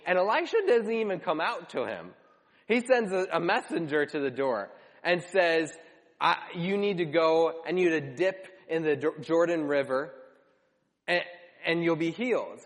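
A man preaching a sermon, retelling scripture with expressive, repetitive storytelling and lively quoted voices. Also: fairly high pitch, a little slow. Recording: long hall reverb.

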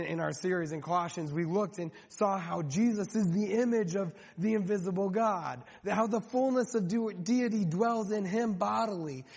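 A man's voice: sits high, creaky, a little mellow, husky. A man preaching a sermon as pastor, speaking conversationally with frequent restarts and rhetorical questions. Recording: long hall reverb.

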